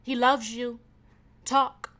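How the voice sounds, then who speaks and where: Young woman, podcast host, profane venting, bright sharp voice. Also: on the high side, takes it slowly. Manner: animated, profane, venting, with sudden loud bursts. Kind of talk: casual solo podcast rant.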